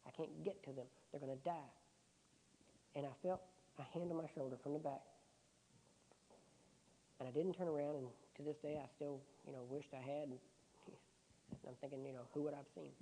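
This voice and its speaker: Mellow-voiced male preacher telling a story. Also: a little high, steady tone, normal speed, long pauses, a little hiss or hum, low-quality recording. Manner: emotional storytelling, often dropping to a hushed, quiet voice. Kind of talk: sermon with personal testimony.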